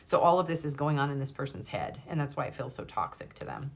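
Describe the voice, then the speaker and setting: A young woman with a notably low voice gives a casual pick-a-card love reading. She reads card messages aloud and chats and giggles between them. A faint hiss sits under her voice. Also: big pitch swings, quick pace. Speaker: tarot reader.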